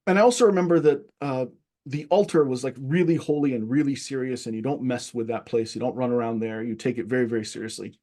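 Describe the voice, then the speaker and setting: A man speaking as a guest, telling a story from his childhood in an animated, casual way with many restarts. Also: mid-range voice, fast talker. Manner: animated, many restarts, acts out quoted voices. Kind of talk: casual conversation, personal storytelling.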